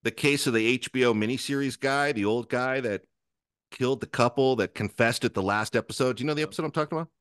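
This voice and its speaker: A man's voice: mid-range voice, fast, smooth, dry recording, clean studio sound. Man telling a rambling, profane story. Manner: animated storyteller who acts out other people's lines; profane, rambling, self-interrupting. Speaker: guest. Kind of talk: casual anecdote telling.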